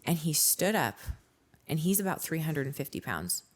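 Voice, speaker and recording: A woman's voice: low-pitched, sing-song, normal speed. A woman in her forties, a podcast guest, frankly telling her life story in a blunt, candid way. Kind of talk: candid personal testimony.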